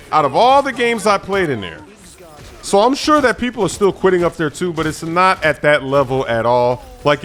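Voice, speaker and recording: A man with a high voice talks through his gameplay in a chatty, animated way and repeats points for emphasis. He sounds like a gaming channel host. Faint music plays underneath. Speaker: gaming YouTuber. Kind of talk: gameplay commentary over footage.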